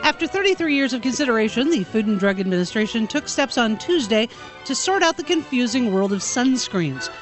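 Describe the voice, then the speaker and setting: Expressive female radio co-host. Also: on the high side, fairly quick, soft background music. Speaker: radio co-host and news reader. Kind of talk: casual banter and read news segment.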